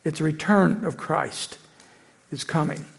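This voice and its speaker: A man's voice: fairly high pitch, measured pace, vocal fry. A middle-aged man preaching a sermon as pastor, earnest and building to emphatic peaks.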